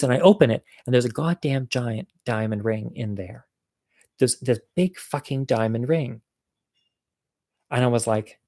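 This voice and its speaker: A man recounts a personal story in an easygoing, foul-mouthed manner, slipping into quoted dialogue as he goes. His voice sits at an ordinary middle pitch. The recording is dry and close, with no room sound. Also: dark tone, dry recording. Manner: casual, profane, acts out quoted dialogue. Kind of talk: personal story told to an audience.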